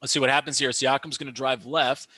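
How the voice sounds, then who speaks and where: This young man's husky, mid-range voice comes through with no room sound as he casually comments on basketball for a live stream. He reacts and rants about calls in an animated way, constantly restarting and using fillers, giving excited play-by-play.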